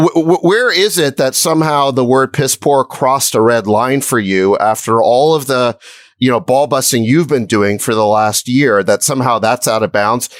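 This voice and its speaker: A man co-hosting a podcast, needling and sarcastic while arguing in measured tones. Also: mid-range voice, no room sound, clean studio sound. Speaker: podcast co-host. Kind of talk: heated podcast argument.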